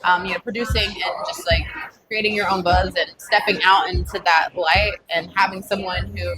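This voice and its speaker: A woman's voice: lowish voice, steady tone, normal speed, over music, rough recording. A woman comedian, a guest on a podcast, chatting casually and rambling with lots of filler words.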